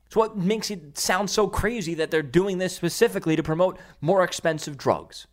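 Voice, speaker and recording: A young man with a New York accent rants on his podcast, his voice pitched high for a man. He is heated, profane and combative, and now and then he bursts into shouting. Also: moderate pace. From Staten Island, New York. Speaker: podcast host. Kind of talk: opinionated podcast rant.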